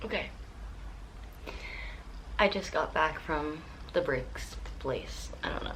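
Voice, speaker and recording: A woman's voice: low voice, expressive, slow, fairly bright tone, a little hiss or hum, poor audio. A woman in her thirties talking candidly in a casual diary vlog, rambling and self-deprecating, with lots of fillers. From California. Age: 30s. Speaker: vlogger. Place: at home and in a car.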